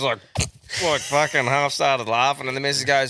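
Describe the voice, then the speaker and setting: A man's voice: mid-range voice, steady tone, normal speed, pushed and bright, no room sound, clean studio sound. A man hosting a casual podcast, laid-back, laughing often and swearing freely. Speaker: podcast host. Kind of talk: casual chat.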